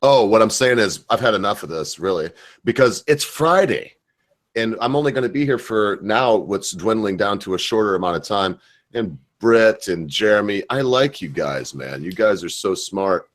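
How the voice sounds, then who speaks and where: A man's voice: on the low side, lively intonation, normal speed. A middle-aged man, hosting a casual online voice chat. He rambles, swears freely and talks with heavy sarcasm. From United States. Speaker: host. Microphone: computer mic in voice chat.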